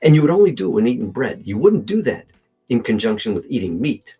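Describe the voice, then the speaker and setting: A man giving casual reaction commentary on a video, animated and argumentative, talking to himself as he edits at his desk mic. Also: mid-range voice, fast talker, husky, faint music behind. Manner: animated, argumentative, talks to himself while editing.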